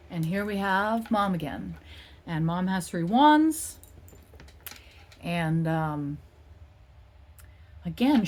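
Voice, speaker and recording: A woman doing a casual tarot reading, talking in a playful, rambling and self-mocking way. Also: on the low side. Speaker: tarot reader.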